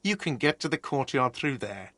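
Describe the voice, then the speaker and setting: A whiny, touchy cafeteria manager. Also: male voice, medium pitch, sing-song, moderate pace, pushed and bright, no room sound. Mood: irritable. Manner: touchy, sarcastic and defensive. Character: irritable, defensive male cafeteria manager. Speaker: video game character. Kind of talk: voiced game dialogue.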